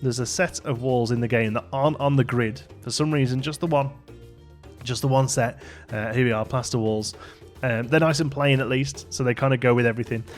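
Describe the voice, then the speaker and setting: A man's voice: medium pitch, fairly even intonation, fairly quick, faint music behind. A tired man chatting casually over a building game, rambling with plenty of fillers and self-deprecating asides. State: tired, yawning. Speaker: gaming YouTuber. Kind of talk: casual let's play commentary.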